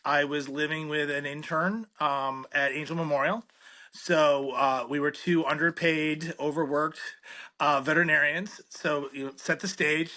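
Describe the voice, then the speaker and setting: A middle-aged man, a veterinarian, telling a comic story in an interview in an animated, self-deprecating way and acting out the dialogue. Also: fairly high pitch, unhurried. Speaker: veterinarian, podcast guest.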